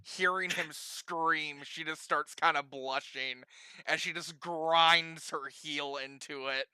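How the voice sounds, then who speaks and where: Male game master, high bright voice, lively, unhurried, dry close sound, swears casually. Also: smooth, no room sound. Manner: relaxed, laughs often, casual profanity. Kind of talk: narrating a tabletop game.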